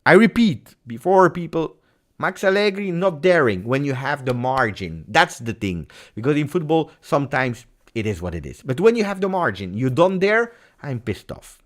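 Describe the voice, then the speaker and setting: A man hosts a live football reaction stream, heated and emphatic. His mid-pitched voice swings widely up and down, and he repeats phrases to drive points home. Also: big pitch swings, moderate pace. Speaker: football channel host.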